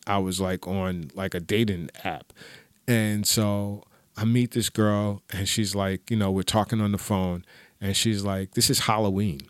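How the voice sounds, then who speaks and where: Low-voiced man telling profane stories. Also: dry recording. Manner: profane, laughing, animated storyteller. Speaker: podcast host. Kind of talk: casual solo storytelling.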